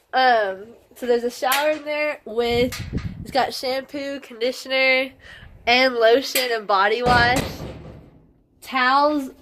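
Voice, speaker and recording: Speaking casually to her camera indoors in a half-finished shelter, a worn-out long-distance hiker rambles and gushes emotionally, breaking into frequent laughter. Her voice is fairly high pitched and a bit bright.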